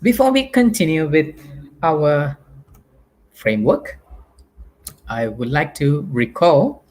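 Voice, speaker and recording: A man's voice: fairly high pitch, lively intonation, takes it slowly, darkish tone. A Malaysian man teaching a live online English lesson, patiently drilling spelling and pronunciation for primary pupils.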